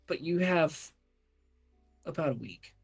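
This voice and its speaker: A man's voice: on the high side, lively intonation, takes it slowly, vocal fry, breathy edge, faint music behind. A man narrating as game master of a tabletop game on a live stream, rambling with frequent restarts and asides.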